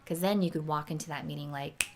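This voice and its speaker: A woman chatting casually as a guest expert on a live stream, animated and playful, acting out little voices in her stories. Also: low voice, quick pace, gravelly, very noisy.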